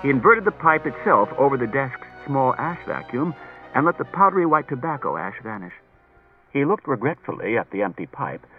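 Male audiobook reader, measured and expressive, lively intonation; tinny cassette sound. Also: medium pitch. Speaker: audiobook narrator. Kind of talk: scripted audiobook narration. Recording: tinny lo-fi cassette tape with faint music.

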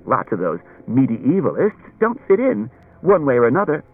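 A man's voice: medium pitch, wildly swooping pitch, moderate pace, husky, pitched above the performer's own voice, full character voice. A man reading an audiobook, voicing a chatty, anxious wife who tells stories in a rambling, roundabout way, on a dull lo-fi recording. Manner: rambling, circuitous storytelling.

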